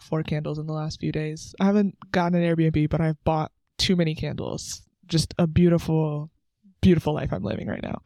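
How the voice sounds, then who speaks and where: Earnest young woman, creaky mellow voice. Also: low voice, no room sound. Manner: candid, chatty, earnest with filler likes. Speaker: podcast host. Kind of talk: casual devotional talk. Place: sitting on the floor at home under a blanket.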